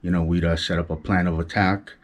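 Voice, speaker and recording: The recording is muffled, and the man's voice sits low with a level tone and a slightly fast pace. He's a middle-aged LA vlogger with a Chicano accent, telling a street story in slang, imitating gunshots vocally, and keeping hushed so his wife doesn't wake.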